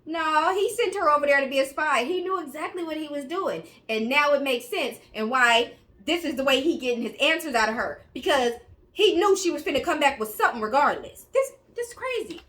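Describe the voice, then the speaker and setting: A woman's voice: sits high, animated, a little fast, a bit bright. A woman hosting reaction commentary, blunt and casual as she weighs in on a clip. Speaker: commentary host.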